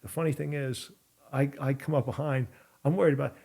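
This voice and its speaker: Brief: man, fifties, podcast guest, rambling and animated, mid-pitched voice. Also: fairly quick, creaky. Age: 50s. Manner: animated, rambling storyteller who acts out quotes. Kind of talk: casual storytelling.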